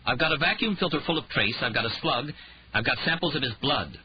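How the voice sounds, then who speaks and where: A man's voice: mid-range voice, animated, a little fast, dull audio, a little hiss or hum, pitched above the performer's own voice, close to an everyday voice. A man narrator voicing a tough female detective who talks bluntly and snaps. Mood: snapping. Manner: snapping, blunt.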